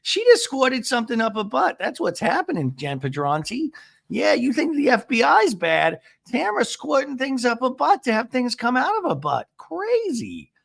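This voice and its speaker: A man putting on a comic falsetto impression of a scandalized gossiping woman, outraged and mocking. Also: huge pitch swings, moderate pace, vocal fry, fairly bright tone, full character voice. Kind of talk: comic impression in a podcast recap.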